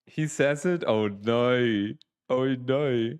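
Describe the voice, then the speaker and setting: A young man streaming live, chatting casually, excitable and laughing often as he reacts to chat. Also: medium pitch, drawn-out words, clean tone. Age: young adult.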